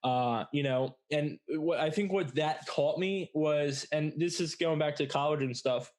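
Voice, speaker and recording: A man's voice: fairly high pitch, a little slow, a little mellow. A young adult man hosting a podcast, telling a long story in a rambling, casual way with lots of filler words and blunt swearing. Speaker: podcast host.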